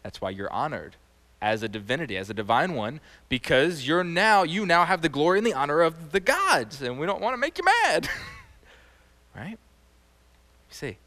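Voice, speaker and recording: Man, sermon, animated, talks to the crowd, slightly high pitch, reverberant hall. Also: normal speed. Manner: animated, conversational, quizzes the audience. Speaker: teacher.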